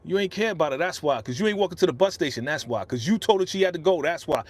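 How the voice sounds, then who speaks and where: A man's voice: on the high side, lively intonation, quick pace, hardly any pauses, no echo. A middle-aged man hosting a casual live-stream reaction, ranting with feeling and reading out viewer comments on a podcast microphone. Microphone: podcast studio microphone.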